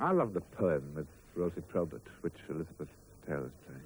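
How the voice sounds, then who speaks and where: An Irish actor answering questions on a film location, his low voice swooping widely up and down as he teases and jokes. A faint hum of ambience sits behind him. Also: big pitch swings, brisk, darkish tone, poor audio. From Ireland. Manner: playful, restarts mid-phrase, laughs at own jokes. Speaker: actor being interviewed. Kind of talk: casual interview answers.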